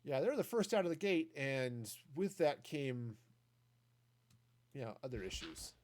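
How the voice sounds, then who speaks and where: A man's voice: mid-range voice, sing-song, measured pace, a little mellow. A man streaming a game, chatting casually and thinking aloud with many restarts. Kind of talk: casual commentary while gaming.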